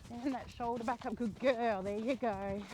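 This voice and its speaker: A young woman riding and training a horse outdoors, explaining each step calmly and softly praising the horse. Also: a little high, moderate pace, slight background noise. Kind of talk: narrated riding lesson while training a horse. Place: outdoor rural riding arena.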